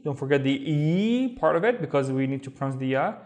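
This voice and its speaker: A man teaching Arabic reading, sounding out syllables slowly and patiently. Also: fairly high pitch. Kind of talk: language lesson.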